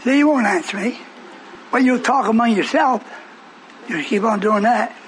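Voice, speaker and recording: A man preaching with a strikingly high voice, firing questions at his congregation. Faint noise sits behind him. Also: normal speed. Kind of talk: sermon.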